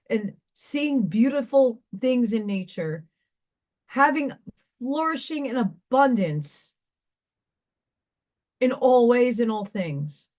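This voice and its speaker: A woman hosting a craft livestream, ranting in an emotional, repetitive way and sounding tearful. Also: on the high side. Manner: emotional, ranting, repeats herself. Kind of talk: casual live-stream monologue.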